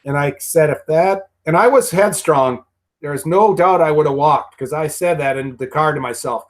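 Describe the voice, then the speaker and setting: A man's voice: on the high side, normal speed. A man, a guest actor, telling behind-the-scenes stories in a rambling, profane way full of restarts. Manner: rambling and profane, many restarts and repeated words. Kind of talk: casual commentary storytelling.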